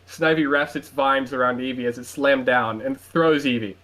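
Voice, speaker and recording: A man's voice: mid-range voice, normal speed, fairly bright tone. A man reading a fan-written story aloud on his show with dramatic storytelling.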